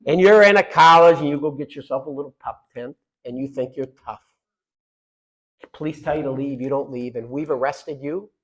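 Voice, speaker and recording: A middle-aged man giving a fiery political speech, loud and punchy with repeated lines and quiet asides. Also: mid-range voice, normal speed, poor audio.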